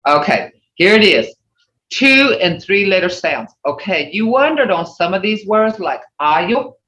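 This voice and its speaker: Over a video call, a language teacher leads an online class, explaining slowly and patiently and repeating key points. The mid-range voice swings widely in pitch and sounds pushed and bright, while the audio is echoey, distant, and muffled.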